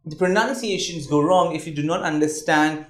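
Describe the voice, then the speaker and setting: A man's voice: on the high side, normal speed, a bit bright. Guy teaching a class, chatty, keeps asking all right, roomy echo. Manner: conversational, repeats words, asks "all right?". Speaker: communication trainer. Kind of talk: classroom lecture.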